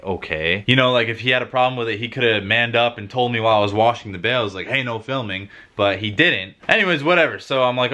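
A man in his twenties telling a story on his vlog in a casual, rambling way full of "like". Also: mid-range voice. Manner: rambling, lots of "like", animated retelling. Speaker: vlogger.

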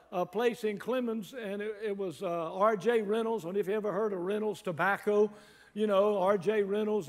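A man's voice: high-pitched, in a large hall. A man, preaching an exuberant, joking sermon as guest pastor. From North Carolina. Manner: fiery, joking, shouts to the congregation. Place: church sanctuary. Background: congregation responding.

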